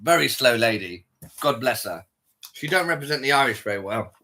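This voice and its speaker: On his live call-in stream, this male host mocks and flirtatiously provokes a caller. He speaks fairly quickly in a medium-pitched, animated voice that sounds bright and forceful.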